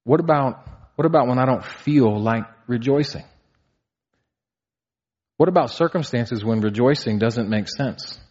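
With long pauses and a measured pace, a pastor in his thirties preaches in a mid-range, slightly mellow voice. His earnest sermon uses rhetorical questions and rises to emphatic peaks, though the sound is somewhat muffled and dull.

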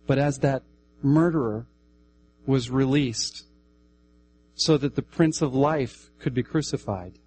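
Man, preacher, sermon, emphatic, repeats phrases, loud then hushed. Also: medium pitch, a little hiss or hum, rough recording. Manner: emphatic, repeats key phrases, swings between loud and quiet.

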